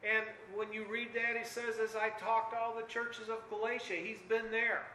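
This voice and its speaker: Older preacher with a bright, high, echoing voice. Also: male voice, level tone, normal speed, slight background noise. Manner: earnest, swings from hushed to loud and urgent. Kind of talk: sermon.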